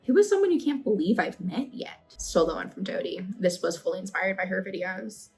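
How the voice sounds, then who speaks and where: Young woman in her twenties, breathy, earnest vlog chatter to camera. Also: medium pitch, fairly quick, faint music behind, rough recording. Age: 20s. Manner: chatty, earnest, rising into excited questions. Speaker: vlogger. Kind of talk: casual talking-to-camera vlog.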